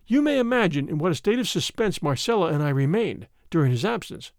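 A man narrating a classic tale as an audiobook reading, in an expressive, dramatic manner. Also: fairly high pitch, a little fast, no echo, clean studio sound.

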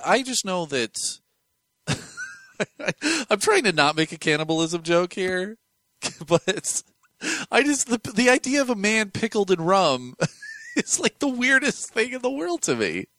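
Animated chatty male podcast host. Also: sits high, unhurried, dry recording. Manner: animated, rambling with fillers and laughs. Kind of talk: casual chat.

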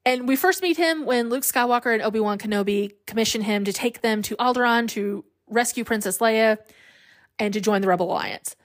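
A woman's voice: on the high side, brisk. A woman hosting a podcast, talking casually on her own, chatty and often laughing. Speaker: podcast host. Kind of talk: casual solo podcast monologue.

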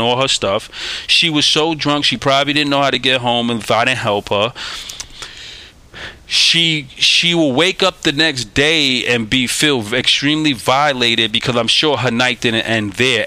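A man hosting a recovery podcast, telling a story in a casual, animated way and acting out the dialogue with streetwise slang. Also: mid-range voice. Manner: animated, acts out quoted dialogue; streetwise slang, says "yo" and "y'all". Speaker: podcast host. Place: New York City.

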